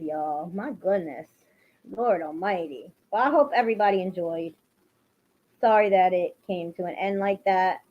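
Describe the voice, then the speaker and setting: A livestream host with a fairly low, unhurried voice talks emotionally to her viewers in a casual stream, sliding into angry rants. The audio is lo-fi.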